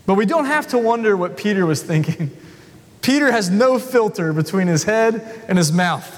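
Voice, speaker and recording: A male pastor preaching a sermon in an animated, self-deprecating way, acting out the people he talks about. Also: high voice, moderate pace. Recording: long hall reverb.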